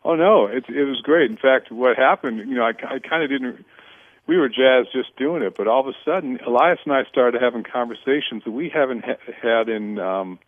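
A middle-aged man, a guest on a radio interview, chatting in a relaxed way and telling lively stories, acting out the lines of other people. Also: medium pitch, moderate pace, no echo. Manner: storytelling, animated, quotes others in dialogue; many fillers and restarts. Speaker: winery owner, guest. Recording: tinny phone-line radio audio.

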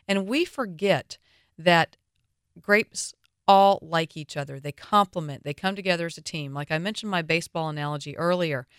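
A woman's voice: lowish voice, animated, normal speed, clear, resonant tone, no room sound, clean studio sound. A woman with a Southern US accent hosting a radio wine show, talking in a chatty, opinionated way with playful asides.

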